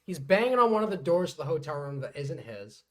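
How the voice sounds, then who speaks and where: A man with a fairly high voice recaps a show in casual podcast chat. He tells it as an animated story and swears freely as he goes. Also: quick pace. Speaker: podcast co-host.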